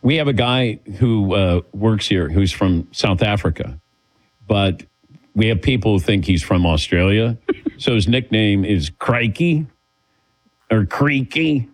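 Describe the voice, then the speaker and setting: A man's voice: lowish voice, measured pace, low-quality recording. A man hosting a sports talk show, chatting casually and laughing often as he calls on his co-hosts. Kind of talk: casual radio show banter.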